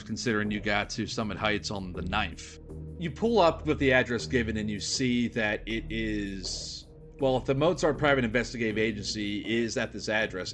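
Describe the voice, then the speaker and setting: A man narrating as game master of a tabletop horror game, describing scenes in a relaxed way with casual fillers. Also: lowish voice. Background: music.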